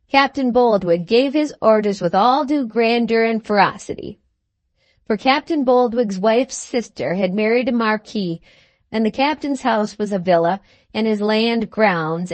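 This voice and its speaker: A woman reading an audiobook as narrator, measured and expressive. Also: on the high side, dry recording. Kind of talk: scripted narration.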